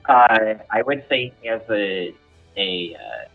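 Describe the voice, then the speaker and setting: A wry, low-key man speaks as a tabletop player. His voice is lowish and husky, squeezed through a tinny, phone-like line. Faint music hums behind. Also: big pitch swings, takes it slowly. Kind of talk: casual tabletop game chat.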